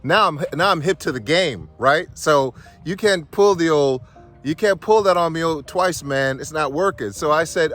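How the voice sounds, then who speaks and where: A man giving a motivational speech, telling a story with animated, emphatic delivery and acting out both sides of a conversation. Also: a little high, moderate pace. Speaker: motivational speaker. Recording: music bed under speech.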